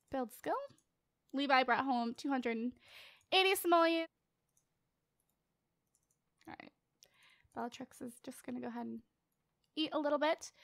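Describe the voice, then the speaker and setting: A woman's voice: high voice, fairly bright tone, no room sound, studio quality. A teenage girl giving casual, playful commentary as she plays a life-simulation game, chatting and joking with her viewers. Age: late teens. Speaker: let's play host.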